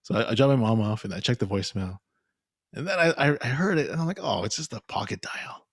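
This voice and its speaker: A young man co-hosting a podcast, telling a story in animated casual chat and laughing often. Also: medium pitch, quick pace, no echo, clean studio sound. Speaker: podcast co-host.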